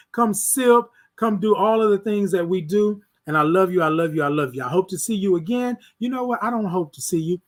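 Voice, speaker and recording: A man hosting a casual morning livestream, greeting viewers by name with repeated affirmations and lively swings between loud and soft. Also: fairly high pitch. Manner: warm, repetitive affirmations, shouts out viewers by name. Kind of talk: casual live-stream chat with viewers.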